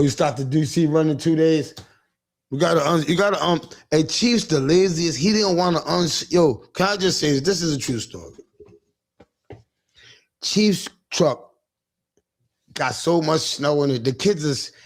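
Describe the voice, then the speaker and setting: A man's voice: fairly high pitch, normal speed, creaky. A man hosting a livestream, telling rambling, profane, teasing comic stories in casual chat. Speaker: livestream host.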